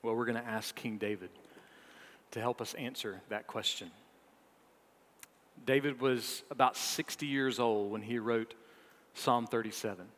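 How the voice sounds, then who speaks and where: A man preaching a sermon, rising to emphatic peaks, then dropping low, with playful asides to the congregation. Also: a little slow, pauses often, a bit bright. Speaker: pastor. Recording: long hall reverb.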